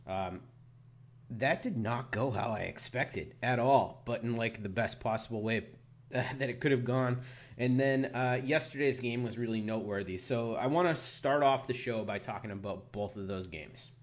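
A man's voice: medium pitch, moderate pace. A man hosting a casual sports podcast, rambling with many fillers. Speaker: podcast host. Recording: dull lo-fi podcast audio.

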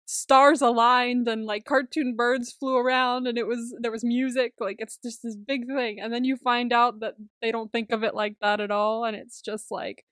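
A woman's voice: on the high side, steady tone, moderate pace, hardly any pauses, fairly bright tone, dry recording, studio quality. A woman co-hosting a podcast in casual chat, laughing often and acting out quotes. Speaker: podcast co-host.

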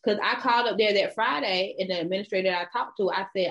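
A woman's voice: medium pitch, fast talker, few pauses, fairly bright tone. A middle-aged woman co-hosting a casual chat, blunt, brash and profane. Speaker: podcast co-host. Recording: dull lo-fi sound.

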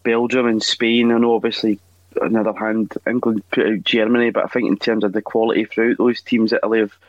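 A man co-hosting a football podcast, giving measured, thoughtful opinions. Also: fairly low pitch, little pitch movement, no room sound. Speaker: podcast co-host. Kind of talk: casual football chat. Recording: dull, dry lo-fi sound.

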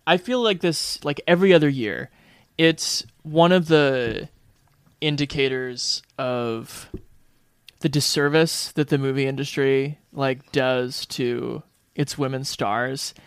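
A man's voice: medium pitch, steady tone, takes it slowly, clear, resonant tone, no echo, clean studio sound. A man hosting a podcast, thinking aloud in a hedging, casual way. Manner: thoughtful, hedging, talks things through. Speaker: podcast host. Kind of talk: casual chat.

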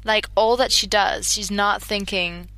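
A woman's voice: medium pitch, fairly even intonation, a little slow, fairly bright tone, no room sound. A woman in casual podcast chat, analytical, sometimes searching for her words.

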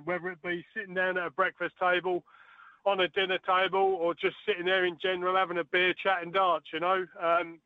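High-voiced man on a phone line. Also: dry recording. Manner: chatty storytelling with many fillers. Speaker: guest, former darts player. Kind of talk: casual phone interview. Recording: tinny phone line, dry.

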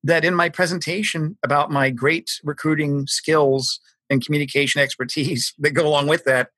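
Husky-voiced curious male host. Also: fairly high pitch, fairly even intonation, normal speed, pushed and bright, no room sound. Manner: conversational, curious. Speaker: podcast host, recruiter. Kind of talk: interview questions.

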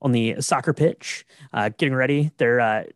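A man co-hosting a podcast, recapping a film in a relaxed, rambling way with lots of fillers. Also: medium pitch, normal speed, clean tone, no echo, clean studio sound. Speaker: podcast co-host. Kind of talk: casual film discussion.

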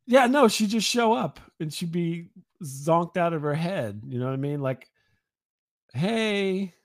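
A man co-hosting a podcast, speaking haltingly with many fillers and dry wit. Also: on the high side, lively intonation. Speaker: podcast co-host. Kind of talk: casual chat.

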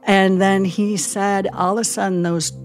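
A woman chaplain telling a vivid story in a casual podcast chat, animated and full of "like" and "you know". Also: medium pitch, unhurried, faint music behind.

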